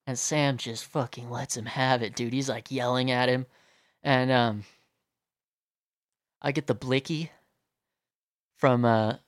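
A man's voice: medium pitch, takes it slowly, pauses often, no echo, clean studio sound. A young man telling a story in a casual, profane rant full of fillers. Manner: profane, animated, many fillers.

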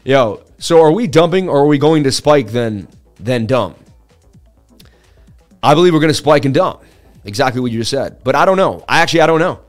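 A man hosting a live market-analysis stream, talking in a chatty, excitable way and turning to his viewers to answer chat between chart readings. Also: medium pitch, brisk, long pauses, faint music behind. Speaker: livestream host.

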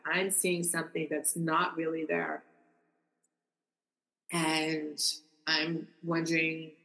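Gravelly-voiced woman telling a true story. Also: fairly low pitch, fairly bright tone, rough recording. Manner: earnest, with many restarts and rising wonder. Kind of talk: personal story told aloud.

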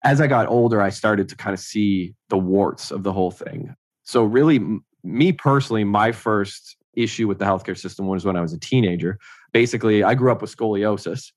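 Low-voiced man telling a story. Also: fairly quick, dry recording. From Ontario, Canada. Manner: conversational, acts out others' lines, frequent "like". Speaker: interview guest. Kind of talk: casual personal storytelling.

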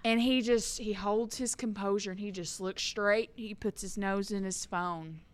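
A woman, co-hosting a podcast and telling stories in a casual, animated way, laughing and building to loud peaks. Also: medium pitch, measured pace. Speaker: podcast co-host. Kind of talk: casual storytelling chat.

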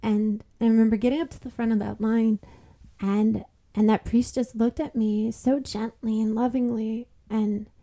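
A woman's voice: fairly high pitch, little pitch movement, normal speed, mellow. A young woman, a podcast guest, telling a heartfelt personal story in casual conversation, full of fillers and repeated words.

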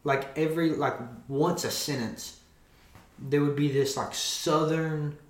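A young man co-hosting a podcast, telling stories in a playful, animated way. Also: fairly high pitch, measured pace. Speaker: podcast co-host. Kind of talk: casual chat. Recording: roomy echo.

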